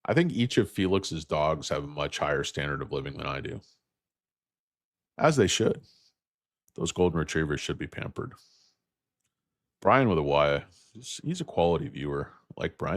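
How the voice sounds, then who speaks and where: A tired, hoarse-edged man in his fifties rambles through a livestream about stocks with a very deep, low voice. He jokes and drifts from tangent to tangent, recorded close and dry. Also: no echo. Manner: rambling, joking, tangent-prone. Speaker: host.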